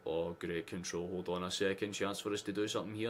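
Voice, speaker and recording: A man's voice: sits low, steady tone, fast talker, a little hiss or hum. A Scottish man hosting a live football watchalong, chatting casually with sarcastic asides and frequent swearing. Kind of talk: casual live match chat.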